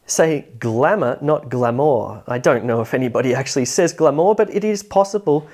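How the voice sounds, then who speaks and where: Woman, pronunciation teacher, deep voice, clear explanatory delivery. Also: animated, dark tone. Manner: explanatory, slowly contrasts word stresses. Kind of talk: online lesson.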